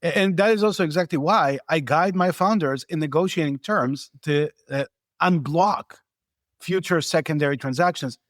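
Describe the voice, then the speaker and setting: Emphatic man, higher voice, dry sound. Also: moderate pace, no room sound. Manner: emphatic, persuasive, speaks from experience. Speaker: venture capital investor, podcast guest. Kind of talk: casual podcast conversation.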